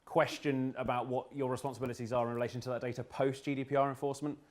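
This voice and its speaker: Male speaker for a live talk, wry, jokey, quick asides, mid-pitched. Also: little pitch movement, darkish tone. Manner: joking, quick asides, restarts. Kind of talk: humorous presentation. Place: event room with an audience.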